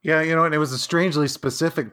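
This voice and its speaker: A man's voice: a little high, steady tone, racing, fairly bright tone. A man co-hosting a comedy podcast, speaking in a laid-back, crude, mock-serious way. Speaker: podcast co-host. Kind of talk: comedic banter.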